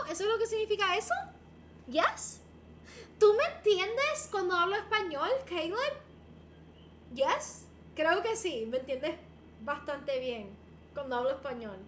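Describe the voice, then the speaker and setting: A woman's voice: extremely high pitch, animated, unhurried, pushed and bright, a little hiss or hum. A young woman chatting casually on a livestream, answering viewer messages in a bubbly, giggly, playful way. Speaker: streamer. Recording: roomy echo.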